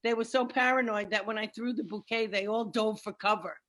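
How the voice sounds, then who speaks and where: A woman's voice: on the high side, fairly even intonation, fairly quick. Brash middle-aged woman comic, punchy storytelling from home over a noisy video call. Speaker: stand-up comedian. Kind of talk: stand-up comedy set. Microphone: computer mic on a video call.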